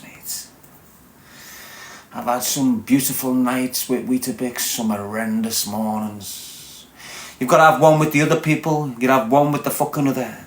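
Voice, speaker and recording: A Scouse man in his forties talks on a live stream, brash and loud-mouthed. He swears freely and mocks his viewers with crude humor. His voice sits at an ordinary middle pitch for a man. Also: slight background noise. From Liverpool, England. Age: 40s.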